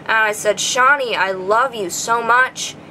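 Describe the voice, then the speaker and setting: A young woman talks to her camera in an earnest, emotional way, her voice growing quieter as she nears tears. Her tone is bright and forward, and a faint hum of noise sits behind her. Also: on the high side, measured pace, poor audio. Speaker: vlogger answering viewer questions. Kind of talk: personal vlog.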